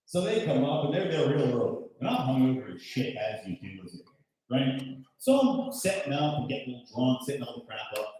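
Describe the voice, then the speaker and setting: A man in his thirties doing loud, brash stand-up comedy, working the crowd and swearing freely. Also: mid-range voice, sing-song, brisk, distant mic. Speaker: stand-up comedian hosting the show. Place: comedy show in a golf club venue. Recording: echoey room, mic heard from afar.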